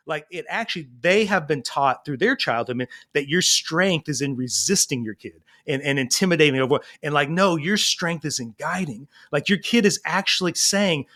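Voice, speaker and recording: Brief: middle-aged male parenting coach, slightly high voice, animated storyteller. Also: normal speed, hardly any pauses. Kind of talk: casual podcast interview.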